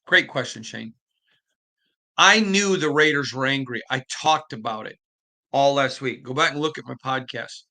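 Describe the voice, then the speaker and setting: A man hosting a sports podcast, telling stories in an animated, conversational way with frequent restarts. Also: mid-range voice, moderate pace. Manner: animated storytelling with repeated restarts. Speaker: podcast host. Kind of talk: casual podcast monologue.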